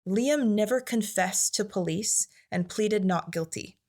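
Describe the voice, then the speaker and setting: A woman's voice: medium pitch, a little mellow. Woman true crime podcast host. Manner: measured, recounting case details.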